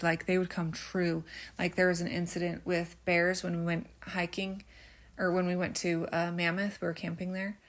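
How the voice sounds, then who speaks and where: A woman with a somewhat low voice talks loosely and rambles off on tangents, full of "um" and "like". A slight stutter breaks in here and there, and a faint rural American twang slips into some words. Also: fairly bright tone. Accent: slight rural American twang at times. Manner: chatty, rambling, many fillers and tangents. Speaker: vlogger. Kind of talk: casual storytelling while crafting.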